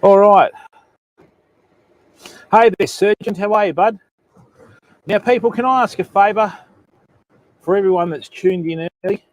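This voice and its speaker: A man's voice: sits high, unhurried, pauses often, no room sound, muffled recording. An Australian man chatting casually with viewers on his live stream while fishing outdoors at night, greeting each viewer by name and calling them mate and bud. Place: remote beach at night, outdoors.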